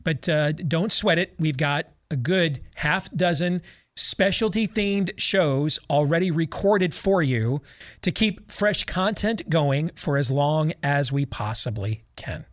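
A man hosting a political talk radio show, joking and sardonic, talking quickly. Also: fairly high pitch, expressive, no room sound, clean studio sound.

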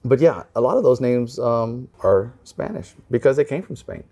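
A man's voice: mid-range voice, sing-song, normal speed, warm tone. A man from Texas with a Texan American accent, a podcast guest chatting casually and joking with many fillers.

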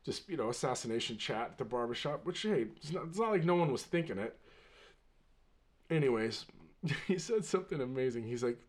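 A man hosting his own podcast, telling a story in a rambling, animated way and laughing readily. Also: medium pitch, moderate pace. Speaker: podcast host. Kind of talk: casual storytelling monologue.

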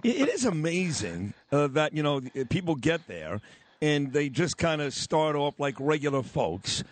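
A man hosting a live radio show, loud and joking, with a fairly high, animated voice. He sounds close and dry, with no room around him. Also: a little slow, no echo. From New York. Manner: boisterous, joking. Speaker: radio host.

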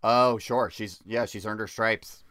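A man's voice: on the low side, steady tone, measured pace, a bit bright, clear, resonant tone, dry recording. A man hosting a casual podcast chat, upbeat and leading the discussion. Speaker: podcast host.

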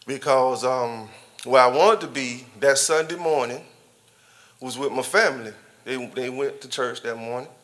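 Bright-voiced man sharing a church testimony. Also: medium pitch. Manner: conversational and colloquial, chuckling often, addressing the congregation directly. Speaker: church member giving a testimony. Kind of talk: personal testimony storytelling.

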